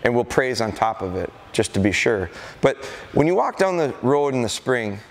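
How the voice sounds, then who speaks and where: A middle-aged man from Wisconsin giving a live dog-training seminar to an audience, telling stories and acting out excited calls to a puppy. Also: mid-range voice, moderate pace, creaky. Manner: animated storytelling, acts out excited calls to dogs. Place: large indoor hall with a corridor.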